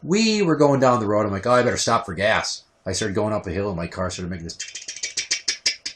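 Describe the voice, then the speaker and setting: A young man hosting a casual podcast, telling stories with lots of swearing and sudden shouted outbursts. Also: on the low side, fast talker. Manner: profane, animated storytelling with shouted outbursts. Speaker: podcast host.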